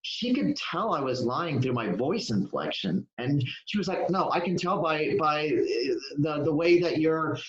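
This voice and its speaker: A man speaking as a guest on a podcast, in a halting way that often breaks off. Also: a little high, expressive. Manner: halting, self-interrupting. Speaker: guest in recovery. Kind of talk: podcast interview. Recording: echoey room, dull lo-fi sound.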